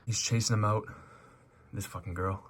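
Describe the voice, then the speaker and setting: A man with a lowish voice talks through a movie in loose, rambling commentary. He swears freely and throws in joking asides, with a faint hiss in the background. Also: steady tone, normal speed. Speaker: movie reaction host.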